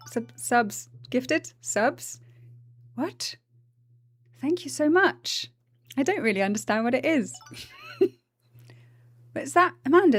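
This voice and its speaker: A woman's voice: on the high side, breathy edge, no room sound. A woman chatting casually on a livestream, greeting viewers, giggling, tired after the gym. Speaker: streamer.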